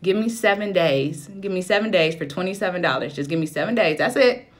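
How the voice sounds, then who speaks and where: A woman's voice: on the low side, animated, brisk. A woman in her thirties hosting a live stream as a self-love coach, preaching, encouraging and greeting viewers by name. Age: 30s.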